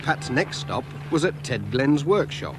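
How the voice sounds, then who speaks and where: A man tells a children's story in a gentle, measured way. His pace is slow and unhurried, and his pitch moves in a lively, expressive arc. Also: heavy background noise. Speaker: narrator.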